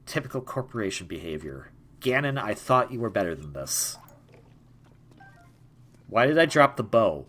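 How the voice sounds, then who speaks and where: A man's voice: lowish voice, sing-song, normal speed, long pauses, fairly bright tone, slight background noise. A young man giving casual, jokey let's-play commentary, rambling and stammering over repeated words. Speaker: gaming YouTuber.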